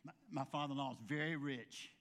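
A man's voice: on the high side, steady tone, fairly quick, fairly bright tone. A male pastor giving a folksy sermon, telling humorous stories and acting out the voices of the people in them. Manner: folksy storytelling with humorous asides; acts out quoted voices.

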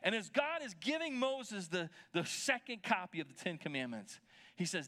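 A man's voice: high voice, very animated, normal speed, bright, forceful tone. A man preaching a sermon as pastor, retelling scripture in a conversational way and checking in with his listeners.

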